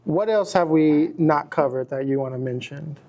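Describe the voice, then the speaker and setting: A man's voice: on the high side, normal speed, dark tone, muffled recording. A man hosting a casual interview podcast, mostly offering short, supportive interjections. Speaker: podcast host.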